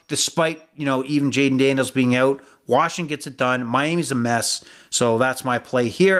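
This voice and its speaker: A man's voice: mid-range voice, fairly bright tone. A man co-hosting a sports betting podcast, chatting casually and often fumbling for names with lots of fillers. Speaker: podcast co-host.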